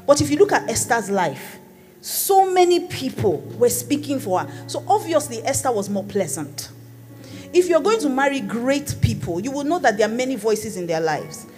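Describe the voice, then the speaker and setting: A woman's voice: a little high, big pitch swings, moderate pace, a little mellow. A woman pastor preaching a sermon in a conversational, playful teaching manner. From Nigeria. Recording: long hall reverb with faint music.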